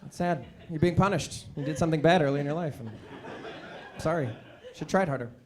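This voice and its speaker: High-voiced man doing stand-up. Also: a little fast, darkish tone. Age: 30s. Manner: rambling, self-deprecating, lots of uh and like. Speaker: stand-up comedian. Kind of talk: stand-up comedy set. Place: theatre stage.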